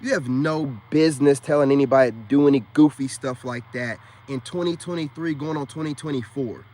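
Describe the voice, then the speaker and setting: A man's voice: mid-range voice, brisk, a little mellow. A man in a casual, scolding rant to his viewers, emphatic and slangy, often repeating himself for emphasis. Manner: slangy, calls listeners man and bro. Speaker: self-styled spiritual dating coach.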